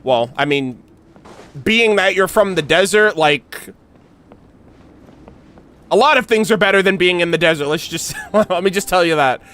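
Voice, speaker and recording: Animated high-voiced male streamer. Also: a little slow, long pauses. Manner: excitable, swears, gushes and laughs. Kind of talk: casual gameplay reaction, reading dialogue aloud.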